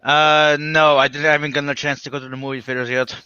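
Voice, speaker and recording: A man's voice: on the high side, little pitch movement, pushed and bright, smooth, no room sound, muffled recording. A man with a nasal voice, a livestream guest chatting casually over a video call, full of fillers and restarts. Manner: halting, many restarts and fillers. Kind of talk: casual chat.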